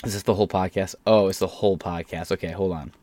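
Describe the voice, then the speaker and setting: A man's voice: low voice, fairly even intonation, quick pace, mellow, dry recording. A man hosting a commentary show, talking bluntly and sarcastically with plenty of swearing. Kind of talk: casual profane commentary.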